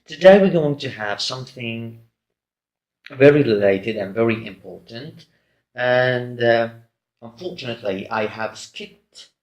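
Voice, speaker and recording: A male lecturer talks slowly through a recorded lesson, pausing often with fillers and restarting his sentences. His voice sits at a middle pitch and rings in a roomy, echoey space. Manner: hesitant, many fillers and restarts. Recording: roomy echo.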